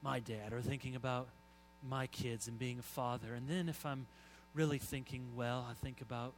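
A middle-aged man preaching a sermon, telling stories and swinging from soft asides to loud emphasis. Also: mid-range voice, steady tone, normal speed, slight background noise, rough recording. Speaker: pastor.

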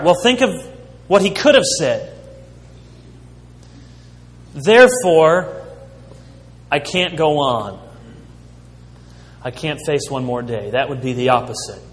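A man preaching a sermon as a pastor, slow and emphatic, with dramatic pauses. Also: sits high, fairly bright tone. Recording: long hall reverb.

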